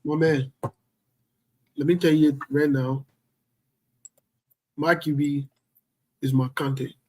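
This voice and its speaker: A man calling in to a talk show, speaking forcefully and indignantly and repeating his points. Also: a little high, fairly even intonation, slow pace. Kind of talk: heated call-in talk.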